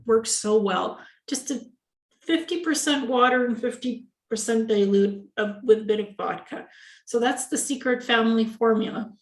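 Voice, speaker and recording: A woman's voice: on the high side, normal speed. A woman chatting casually in an interview, telling family anecdotes and acting out quoted dialogue. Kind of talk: casual video-call interview. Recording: echoey room.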